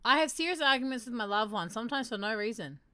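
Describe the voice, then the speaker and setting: Lively woman streamer, dry close mic. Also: a little high, quick pace, clean tone, dry recording. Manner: animated, laughs often, swears casually. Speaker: streamer hosting a mental health segment. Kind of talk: casual livestream chat, reading aloud.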